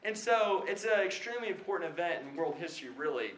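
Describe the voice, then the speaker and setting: A man's voice: sits high, animated, fast, a bit bright. Chatty self-deprecating young man preaching. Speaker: speaker at a Christian gathering. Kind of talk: casual sermon talk. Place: hall before a live audience. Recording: echoey room, faint background noise.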